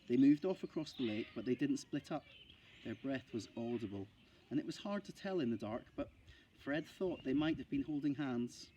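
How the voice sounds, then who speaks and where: A male primary school teacher reading a children's novel aloud in a steady, expressive way. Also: mid-range voice, moderate pace, a little hiss or hum.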